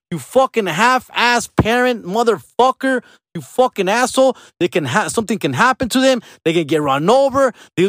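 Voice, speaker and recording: A man's voice: sits high, no room sound, voice pushed up. A man voicing an angry middle-aged mother, berating and cursing in a scolding rant. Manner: shouting, profane, berating.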